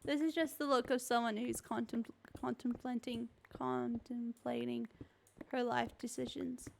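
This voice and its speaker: High, gravelly Australian woman streamer. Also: little pitch movement, measured pace, a little hiss or hum. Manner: rambling, self-mocking and joking. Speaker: game streamer. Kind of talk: casual gameplay chat.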